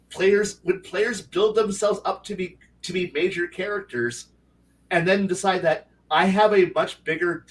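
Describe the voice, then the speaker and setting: Rambling animated man, bit off-mic. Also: high-pitched, far from the mic. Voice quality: rambling, animated, many fillers and restarts. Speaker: game master and podcast co-host. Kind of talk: casual storytelling chat. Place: home livestream setup.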